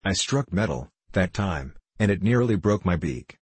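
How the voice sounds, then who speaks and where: A man with a low, husky voice reading the lines of a gruff, blunt female yellow hen in an audiobook story. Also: expressive, normal speed, no echo. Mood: matter-of-fact. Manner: gruff, blunt and self-assured.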